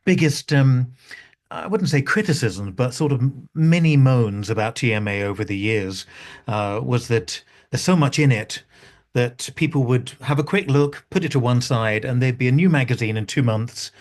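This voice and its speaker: A man talking casually on a video call, pausing often with ums and restarts. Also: mid-range voice. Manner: hesitant, many ums and restarts. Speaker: new magazine editor, astrology school head.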